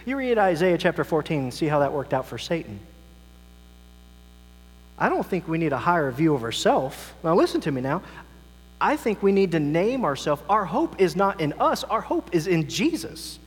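A male pastor delivering a sermon, swinging between loud emphasis and quiet, soft asides. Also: high voice, sing-song, normal speed, breathy edge. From United States. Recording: long reverb, mains hum.

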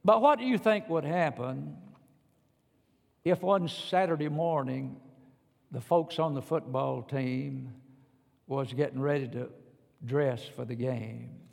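Emphatic preacher in an echoing church. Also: male voice, mid-range voice, slow, gravelly, pauses often, darkish tone. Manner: emphatic, folksy, direct address to congregation. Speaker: pastor. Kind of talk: sermon.

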